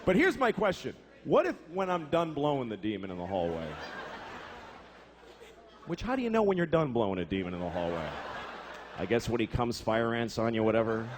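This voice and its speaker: A man's voice: medium pitch, very animated, brisk, background noise. A man doing a stand-up comedy routine, telling stories in a profane, exasperated way. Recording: live show with audience laughter. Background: crowd laughter.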